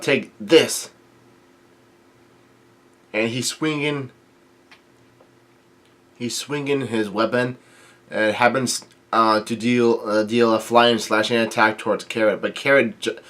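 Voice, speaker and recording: A man casually reading through and recapping a manga chapter, halting with frequent ums and restarts. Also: fairly low pitch.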